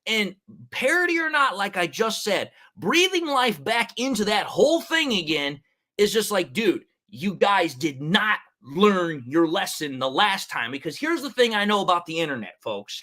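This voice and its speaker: Male sports talk host, high voice, fired-up casual rant. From Detroit area. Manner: animated, heated, repeats "it's like, dude". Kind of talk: ranting sports commentary.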